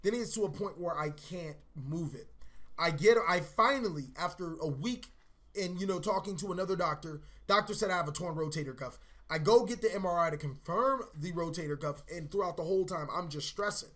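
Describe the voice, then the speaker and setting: A young man hosting a vlog, telling a personal story in a casual, animated way, swearing and acting out his own reactions. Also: high voice, a little fast. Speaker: channel host.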